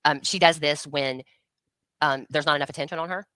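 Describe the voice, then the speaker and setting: Low-voiced blunt woman, bright and dry. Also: fairly even intonation, brisk. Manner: blunt, combative, repeated challenges. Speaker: livestream co-host. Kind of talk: heated casual commentary.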